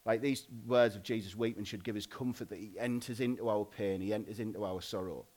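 A married man preaching a sermon in a loose, conversational way, often pausing and restarting. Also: lowish voice, fairly even intonation, darkish tone. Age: adult, married. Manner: informal, conversational, frequent "like" and restarts.

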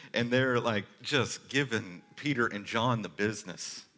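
Bright-voiced man preaching a casual sermon. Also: mid-range voice, unhurried. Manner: conversational, animated preaching with casual asides. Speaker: pastor.

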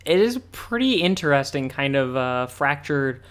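A man's voice: medium pitch, big pitch swings, normal speed, fairly bright tone, clean tone. A man co-hosting a podcast, chatting casually about a cartoon, rambling with many fillers and restarts. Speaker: podcast co-host. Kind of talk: casual chat analyzing a cartoon.

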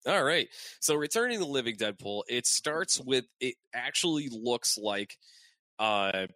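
A podcast co-host, a man with a bright, lively voice, chatting casually and cracking jokes. He swears freely as he retells a comic. The sound is dry and close to the mic. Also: medium pitch, a little slow, no room sound. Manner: animated, joking, swears freely. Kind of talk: casual chat.

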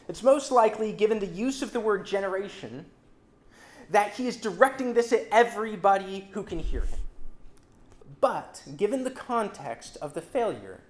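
Expressive preacher in an echoey room. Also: mid-range voice. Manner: expressive, emphatic, with dramatic swings in loudness and pace. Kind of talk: sermon. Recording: roomy echo.

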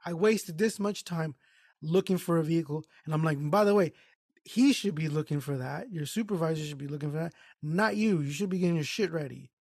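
A man's voice: on the high side, fairly quick, vocal fry, no room sound, clean studio sound. A man telling a work story in casual podcast chat, swearing and acting out what people said. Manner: profane, animated retelling with quoted voices. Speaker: podcast co-host.

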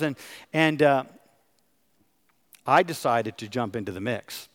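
A man's voice: fairly high pitch, very animated, measured pace, long pauses, fairly bright tone. A middle-aged man, a pastor, preaching a sermon and asking his congregation questions. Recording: long hall reverb.

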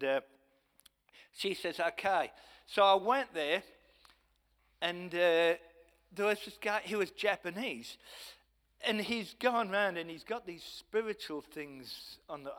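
A man's voice: high voice, bright, forceful tone, in a large hall. An older man preaching a testimony sermon as an evangelist, telling stories with lots of quoted dialogue and restarts.

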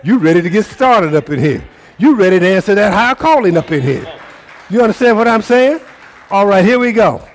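A male pastor preaching a sermon, calling out to the congregation and swinging between shouts and low murmurs. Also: expressive, brisk, in a large hall, slight background noise. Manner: preaching with call-and-response, rising and falling intensity.

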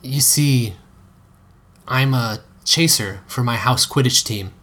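A man's voice: mid-range voice, slow, a bit bright. A man reading aloud and voicing an awkward, hesitant teenage schoolboy who stammers over his words. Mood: confessional.

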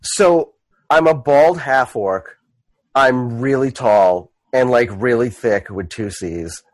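A man's voice: mid-range voice, takes it slowly, dry recording. A man playing a tabletop game, describing his character in a rambling way with many fillers and jokes. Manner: rambling, filler-heavy, joking. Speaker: player. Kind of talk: casual tabletop role-play.

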